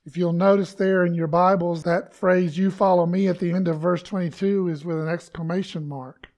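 A man's voice: high-pitched, steady tone, normal speed, darkish tone. A man preaching a conversational sermon to his congregation, acting out quoted lines with emphasis. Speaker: pastor.

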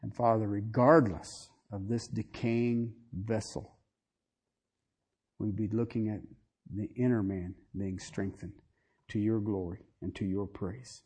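A man preaching a sermon, joking with the congregation, then slipping into a quiet prayer. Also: lowish voice, slow pace, breathy edge. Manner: animated preaching with jokes and sudden drops to soft prayer. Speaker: pastor.

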